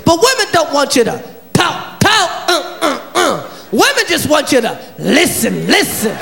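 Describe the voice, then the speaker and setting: A male stand-up comedian doing a loud, shouting routine for a live audience. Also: extremely high pitch, very animated, unhurried, gravelly. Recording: live club with crowd laughter.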